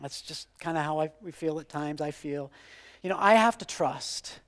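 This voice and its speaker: A man in his forties preaching a sermon with passion, repeating phrases and swinging from loud declarations to hushed, quiet lines. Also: a little high, moderate pace, in a large hall. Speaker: pastor.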